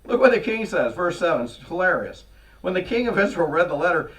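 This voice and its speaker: Man, preacher, lively storyteller, fairly high voice, heard from across the room. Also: fairly quick. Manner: lively storytelling, acts out scripture characters. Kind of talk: sermon. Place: church. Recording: voice from far off the mic.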